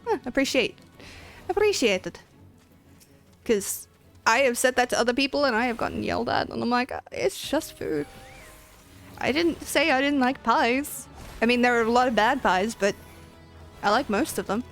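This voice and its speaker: A woman's voice: a little high, lively intonation, moderate pace, pauses often, a bit bright, soft background music. A woman streaming a game, chatting in a casual, rambling way and giggling often. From Australia. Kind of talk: casual livestream chat.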